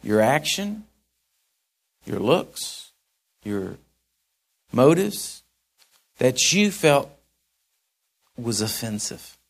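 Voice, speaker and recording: A man preaching a sermon in a folksy, conversational way that swells into emphatic, shouted points. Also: mid-range voice, sing-song, extremely slow, pauses often. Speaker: pastor.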